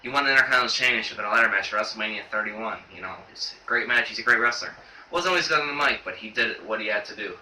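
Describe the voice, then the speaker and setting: A young man talks through a wrestling show in a halting, filler-heavy ramble, choked up as he goes. His voice is bright and tense. He is recorded on a camera mic set back in an echoey room, with faint noise behind him. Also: lowish voice, recorded from a distance. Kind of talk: casual video review.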